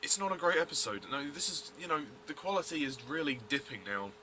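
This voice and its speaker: Blunt male reviewer, tense bright voice, faint hiss behind. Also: fairly high pitch, very animated, fast. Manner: blunt, rambling, many fillers and restarts. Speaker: TV episode reviewer. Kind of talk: casual review vlog.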